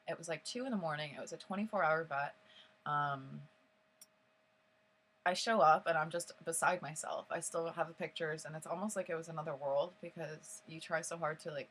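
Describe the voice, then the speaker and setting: Chatty young woman, lowish voice. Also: breathy edge. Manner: rambling, with constant "like" fillers; emotional and animated while recounting. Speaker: vlogger. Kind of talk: storytime vlog.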